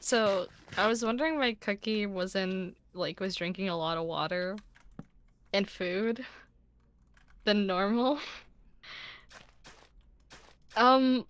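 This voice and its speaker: A young woman guest on a stream, chatting quickly and giggling as she rambles through a story. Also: medium pitch, fairly bright tone, clear, resonant tone. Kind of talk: casual chat on stream.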